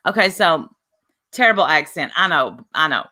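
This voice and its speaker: Give me a sarcastic woman streamer with a low, bright voice. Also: normal speed. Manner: sarcastic and animated, laughing often. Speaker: livestream host. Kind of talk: casual livestream commentary.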